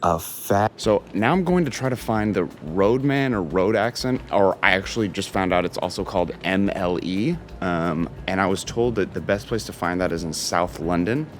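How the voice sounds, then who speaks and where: A man's voice: deep voice, lively intonation, normal speed, few pauses, a little hiss or hum. An American man narrating his travel vlog in a casual, curious, blunt way. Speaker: vlogger.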